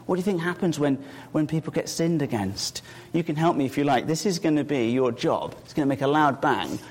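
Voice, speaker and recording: A man's voice: fairly high pitch, lively intonation, fairly quick. A man leading a children's talk in a church service, playfully coaxing and encouraging a child volunteer. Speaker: preacher.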